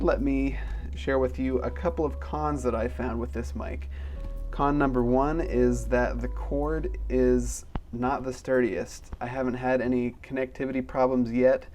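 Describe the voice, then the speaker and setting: A male tech reviewer talking through a gadget in a relaxed, unhurried way. His voice sits at an ordinary middle pitch, and he keeps his delivery measured and plain. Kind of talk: casual product review.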